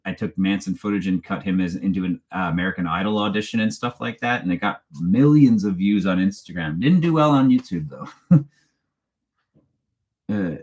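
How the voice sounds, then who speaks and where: Chatty man, slightly low voice. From Canada. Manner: rambling and chatty, laughs often, reads viewer questions aloud. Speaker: true crime channel host. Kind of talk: casual live-stream chat.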